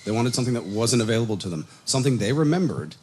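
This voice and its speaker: A man teaching a casual Bible study on a microphone, animated and storytelling. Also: mid-range voice, very fast, a little hiss or hum. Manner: animated storytelling, acts out quotes, chuckles. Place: congregation meeting room. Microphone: microphone on a PA system.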